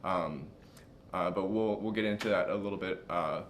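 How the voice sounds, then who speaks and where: A young man with a very deep, low voice speaks casually and rambles, circling back on his words. A faint low rumble runs under him. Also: moderate pace. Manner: rambling, full of fillers and restarts. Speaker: project manager. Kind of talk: casual talk.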